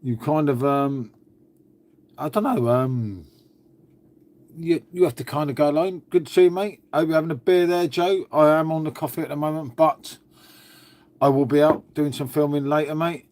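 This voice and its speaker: A man's voice: on the high side, fairly even intonation, normal speed, darkish tone. Rambling man chatting on a live stream. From England. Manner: rambling, repeats "mate" and "shall we say". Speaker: livestream host. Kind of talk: casual live stream chat. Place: at home indoors.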